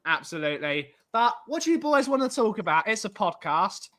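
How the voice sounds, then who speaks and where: A man's voice: high-pitched, very animated, a little fast, bright, forceful tone. A man from Somerset co-hosting a podcast, bantering and reading out viewer comments. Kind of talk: casual chat.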